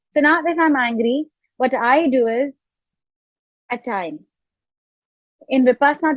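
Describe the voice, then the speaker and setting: Woman, high voice, earnest coaching talk, repeats herself, dry muffled remote audio. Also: no echo. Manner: earnest, repeats phrases as she explains. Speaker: self-love coach, guest.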